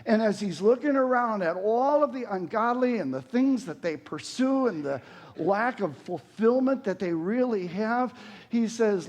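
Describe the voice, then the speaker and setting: A man in his sixties preaching a sermon, earnest, rising sharply when quoting scripture and dropping low for emphasis. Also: animated, a little slow, a little mellow. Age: 60s. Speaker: pastor.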